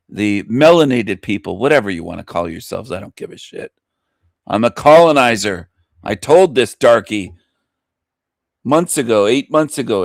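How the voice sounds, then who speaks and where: A man's voice: on the low side, creaky, no echo, clean studio sound. A man hosting an internet talk show, delivering a boastful, taunting monologue and laughing at his own lines. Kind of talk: provocative monologue rant.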